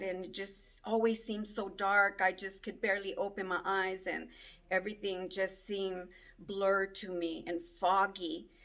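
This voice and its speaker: Woman, mid pitch, slow, halting and tearful, telling her own testimony. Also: a bit bright. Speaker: person giving a personal testimony. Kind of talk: emotional personal testimony.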